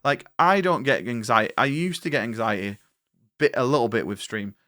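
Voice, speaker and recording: A man co-hosting a podcast, talking in a rambling, halting way with casual swearing. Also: medium pitch, animated, bright, forceful tone, no room sound, clean studio sound. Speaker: podcast co-host. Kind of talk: casual chat.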